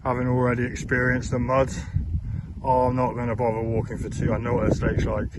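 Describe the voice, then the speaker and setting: A man from south-west England keeps a rambling, halting hiking diary outdoors, full of fillers and restarts. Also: medium pitch, completely flat delivery. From Plymouth, south-west England. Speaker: hiker and vlogger. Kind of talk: casual spoken hiking diary. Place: outdoors on open moorland and in woodland. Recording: outdoor camera audio with wind noise.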